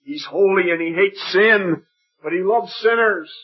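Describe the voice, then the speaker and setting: A man preaching an evangelistic sermon at a gospel meeting, emphatic and dwelling on repeated phrases, sometimes dropping to a hush. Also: high voice, a little slow, slightly rough. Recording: dull lo-fi recording.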